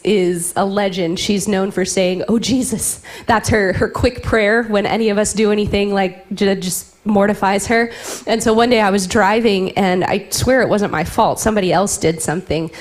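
A woman in her thirties preaching a sermon, telling playful family stories and dropping into whispers for effect. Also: medium pitch. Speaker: pastor.

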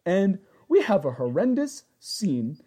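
Animated woman recapping a show. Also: fairly low pitch, slow pace. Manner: animated, acts out characters' lines. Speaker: podcast co-host. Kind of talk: casual chat recapping a show.

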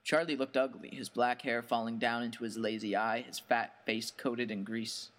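A man narrating a first-person horror story in a measured, plain storytelling manner. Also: mid-range voice, steady tone, fairly bright tone.

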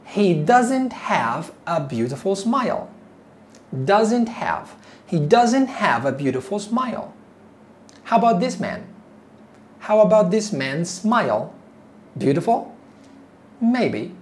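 Slow, animated woman English teacher. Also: medium pitch, a little hiss or hum. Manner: repeats words slowly for learners; teacherly, asks learners questions. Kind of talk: slow, deliberate ESL lesson.

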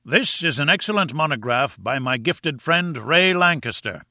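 A man doing a booming old professor who lectures with open contempt, his voice pushed well above the reader's own and bright and forceful at the edges. He sounds triumphant and sure of himself, close and dry against the mic. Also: lively intonation, moderate pace, no echo, heavily acted. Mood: lecturing. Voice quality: booming and scornful. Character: pompous, contemptuous older male professor.

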